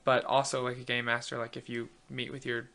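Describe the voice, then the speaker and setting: Gravelly-voiced young man rambling casually. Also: mid-range voice, brisk. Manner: chatty, many fillers and restarts, animated storytelling. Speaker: host.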